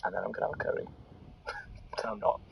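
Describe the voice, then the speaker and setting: A man's voice: fast, far from the mic, highs cut off, a little hiss or hum. A man co-hosting a comedy podcast, teasing and quizzing his partner. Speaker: podcast co-host.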